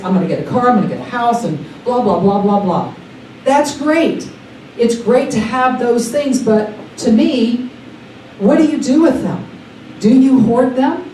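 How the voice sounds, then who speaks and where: A woman's voice: fairly high pitch, a little hiss or hum. Enthusiastic woman preaching in an echoey hall. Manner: enthusiastic, animated, rises to excited exclamations. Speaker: guest speaker at a church service. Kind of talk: sermon. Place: large sanctuary during a service. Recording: echoey hall, picked up from a distance.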